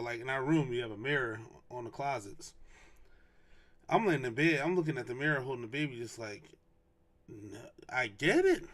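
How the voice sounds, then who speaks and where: Animated young man telling a story. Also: medium pitch. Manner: animated, slangy, repeats lines for emphasis. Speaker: podcast host. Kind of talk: casual storytelling.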